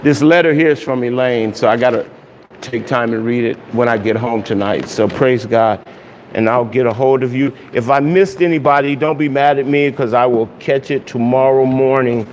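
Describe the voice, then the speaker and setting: A man serving as pastor, leading a casual online Bible study and prayer, greeting viewers with loose pauses and fillers. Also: mid-range voice, fairly even intonation. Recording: dull hall echo with faint hiss.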